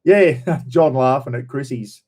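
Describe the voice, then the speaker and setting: A man's voice: mid-range voice, measured pace, mellow. A man with an Australian accent, hosting a casual live chat about camping and greeting viewers in a rambling, folksy way. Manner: rambling, folksy, says "mate" and "bloody" a lot. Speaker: camping channel host.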